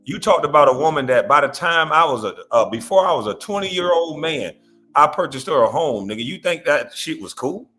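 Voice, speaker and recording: This reaction-show host has a slightly high, bright voice and a forceful, expressive delivery at a fairly quick clip. Over faint background music, he rants crudely and bluntly while ridiculing his target.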